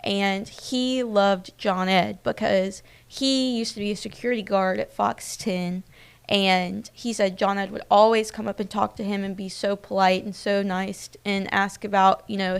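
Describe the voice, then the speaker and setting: A young woman hosts a casual streamed newscast, chatting to viewers at an everyday pitch. Her voice is smooth and clear but slips into a gravelly fry. She talks in a personal, loose way, full of fillers. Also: steady tone, moderate pace. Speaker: news host. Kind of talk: casual live-stream news chat.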